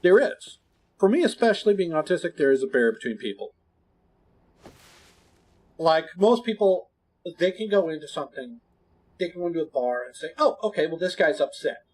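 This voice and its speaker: A man streaming, chatting with his viewers in a blunt, candid, rambling way that often drops suddenly to a quiet mumble. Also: a little high, sing-song, moderate pace, pauses often. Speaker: gaming streamer. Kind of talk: casual chat to stream viewers.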